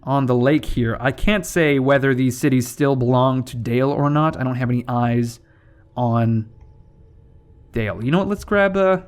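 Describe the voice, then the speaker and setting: A man's voice: mid-range voice, normal speed, smooth. A young man hosting a strategy game playthrough, talking casually as he rambles, swears and corrects himself. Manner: rambling and profane, with self-corrections. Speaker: gaming channel host.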